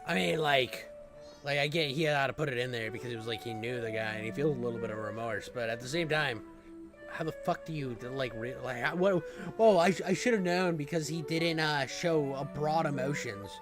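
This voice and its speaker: A man's voice: mid-range voice, fairly quick, music in the background. A man giving casual reaction commentary, incredulous and rambling, with lots of fillers and some swearing. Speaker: reaction streamer.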